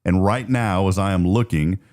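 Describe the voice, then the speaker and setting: A man's voice: low-pitched, moderate pace, darkish tone. Chatty, jokey male radio host. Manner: chatty and jokey, laughs often. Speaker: radio morning show host. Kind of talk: casual radio chat.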